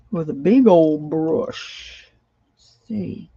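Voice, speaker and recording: A middle-aged woman with a low, gravelly and husky voice chats away while she works on a craft project at home. She rambles and talks to herself as much as to her viewers. The recording sounds a little dull and muffled. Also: expressive, unhurried, warm tone, no room sound. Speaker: craft vlogger. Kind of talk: casual chatter while crafting.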